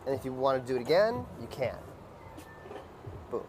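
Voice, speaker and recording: A man teaching a dance lesson in a loose, casual way, with many fillers and beat sounds like "boom.". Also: very animated, moderate pace, noisy background.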